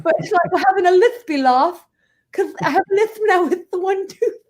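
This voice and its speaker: A woman's voice: very high voice, expressive, moderate pace, a little mellow, a little hiss or hum, pitched above the performer's own voice. A woman voicing a polite, grandly dramatic one-fanged female vampire with a put-on British accent and a lisp. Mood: theatrical. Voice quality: lispy.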